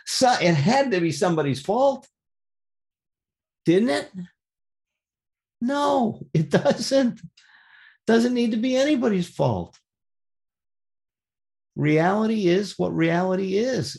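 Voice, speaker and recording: A man's voice: high-pitched, lively intonation, measured pace, gravelly, pauses often, a little mellow. A man telling a personal story in a candid, conversational way, turning it into a reflective lesson.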